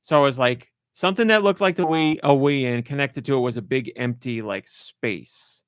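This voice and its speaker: A man hosting a podcast in casual chat, telling a story and acting out his own reactions with lively energy. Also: medium pitch, moderate pace, clear, resonant tone, no room sound, clean studio sound. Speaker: podcast host.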